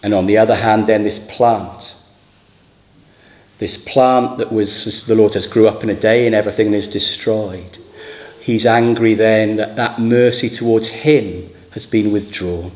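A man's voice: lowish voice, fairly even intonation, measured pace, darkish tone. A man preaching a sermon, asking rhetorical questions and voicing scripture dramatically.

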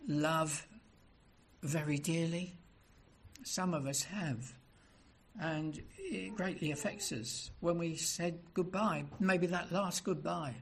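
Slightly high-voiced male preacher. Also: slight background noise. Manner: rhetorical questions to listeners, emphatic rises. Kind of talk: sermon.

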